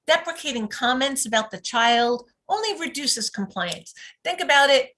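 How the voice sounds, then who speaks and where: A woman with a slightly high voice teaches parents in a calm, instructive way. She speaks over a video call. Her tone stays measured and clear. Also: low-quality recording. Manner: calm and instructive, lively when modeling praise. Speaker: parent coach. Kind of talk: teaching talk on live video.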